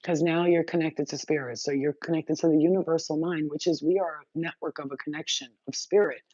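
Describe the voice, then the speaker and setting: A woman's voice: low-pitched, fairly even intonation, brisk, dark tone, dry recording. A woman spiritual healer chatting casually on a livestream, reassuring and blunt, with a sweary streak. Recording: dull, dry lo-fi sound.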